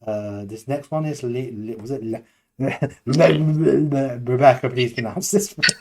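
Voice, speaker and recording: A man's voice: medium pitch, measured pace, darkish tone. A young British man co-hosting a podcast in casual chat, rambling and self-deprecating, laughing often. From United Kingdom. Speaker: podcast co-host.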